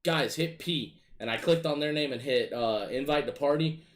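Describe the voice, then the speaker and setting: A man casually telling gaming stories in a profane, animated, exasperated way. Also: mid-range voice, fairly quick. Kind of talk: casual storytelling chat.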